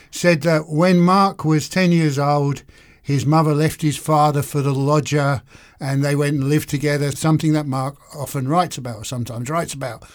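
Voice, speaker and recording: A slightly higher-voiced man, telling stories as a podcast guest. His manner is wry and self-mocking, and he breaks easily into laughter. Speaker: guest author. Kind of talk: casual interview chat.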